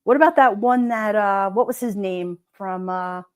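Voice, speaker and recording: A woman's voice: mid-range voice, moderate pace, clean tone, no room sound. A woman hosting a live stream, chatting casually and rambling with her viewers, often giggling.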